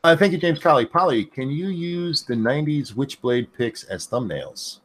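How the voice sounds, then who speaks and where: A man's voice: fairly high pitch, expressive, normal speed. A man reading viewer messages in a casual chat, offhand.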